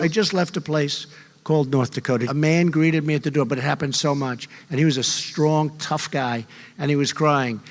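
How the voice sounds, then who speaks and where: A man's voice: on the high side, fairly even intonation, normal speed. A man giving campaign rally speeches, telling boastful stories in repetitive, punchy short phrases. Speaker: president speaking at rallies and events. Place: large rally halls and arenas. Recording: long reverb of large rally venues.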